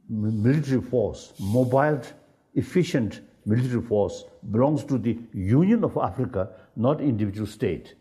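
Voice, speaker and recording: A man speaks in a panel discussion, halting and searching for his words, often starting over. His voice is mellow and dark. It rises and falls a great deal, and he brings quoted remarks to life with a lot of energy. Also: lowish voice. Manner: animated, acts out quoted speech. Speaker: spiritual leader in a panel discussion. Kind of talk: conversational panel talk.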